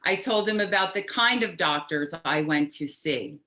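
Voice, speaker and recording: A middle-aged woman from New Jersey tells a personal story as a patient, halting and restarting, wry and animated. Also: lowish voice. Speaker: patient telling her story.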